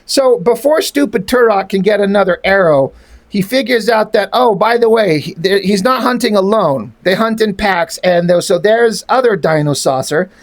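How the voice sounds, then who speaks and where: A man's voice: sits high, normal speed. A man reading through a comic aloud and mocking it with sarcastic, rambling, profane asides. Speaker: comic reviewer.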